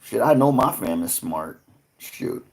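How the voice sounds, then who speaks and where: A man's voice: lowish voice, sing-song, unhurried, gravelly. A man hosting a casual livestream, chatting loosely with viewers, swearing freely and laughing often. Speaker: livestream host. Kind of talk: casual live-stream chat with viewers.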